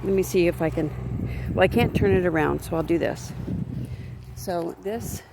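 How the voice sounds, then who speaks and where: With outdoor street noise in the background, a woman vlogger and crisis worker walks her dog through a neighborhood, ranting indignantly into a handheld phone. She rambles and keeps restarting, in a creaky, low-pitched voice at a moderate pace.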